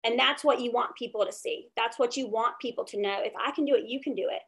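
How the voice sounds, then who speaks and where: A woman's voice: a little high, quick pace. A woman giving a motivational leadership talk over a video call, tagging her points with "okay?". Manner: upbeat and preachy, tags lines with "okay?". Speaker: direct sales team leader.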